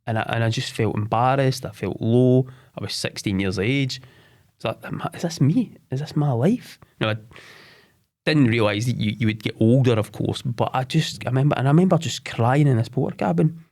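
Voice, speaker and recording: A man in his forties telling his own story as a podcast guest, candid and halting, often repeating words and starting over. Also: medium pitch, a little mellow.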